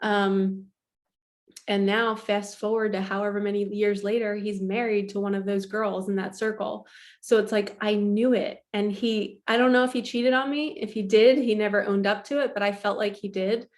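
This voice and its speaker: A woman's voice: medium pitch, fairly even intonation, moderate pace. A woman spiritual life coach in a confessional vlog, chatty and emotional, rambling with many "like"s and laughing often. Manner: emotional, openly sharing feelings. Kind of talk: confessional vlog talk to camera.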